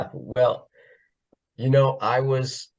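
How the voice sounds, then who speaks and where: A man from the northeastern US tells casual stories as a podcast guest, joking and laughing as he goes. His voice sits at an ordinary pitch, and the recording sounds a little dull and lo-fi. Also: flat delivery, very slow, creaky, darkish tone. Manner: jokey, laughs often, self-described funny guy. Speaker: podcast guest, former pit crew member. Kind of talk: casual storytelling. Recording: slightly dull lo-fi audio.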